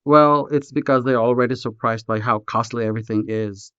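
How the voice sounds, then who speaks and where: A man teaching a language lesson in scripted narration, speaking slowly and carefully and repeating words for pronunciation. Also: mid-range voice, steady tone, fairly bright tone, smooth, dry recording. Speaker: language tutor. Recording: dull, dry, lo-fi voice-over.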